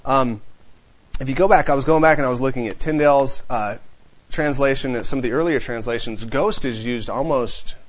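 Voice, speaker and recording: The audio is poor as a man with a medium-pitched voice teaches a laid-back Bible class to a few people. He reads the verses slowly, then discusses them conversationally with frequent chuckles.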